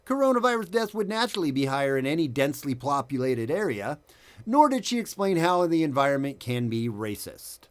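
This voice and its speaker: A male podcast host talking in a casual, sarcastic way, his pitch rising and falling a lot. He reads quotes aloud and trips over words as he goes. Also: very animated, brisk. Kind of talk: casual commentary.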